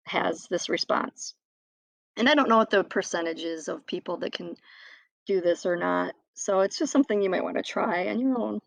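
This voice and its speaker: A woman hosts her own podcast alone, talking casually at a mid pitch. She rambles in a chatty way, corrects herself and laughs now and then. The sound is dry and close, with no room echo. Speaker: podcast host. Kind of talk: casual solo podcast talk.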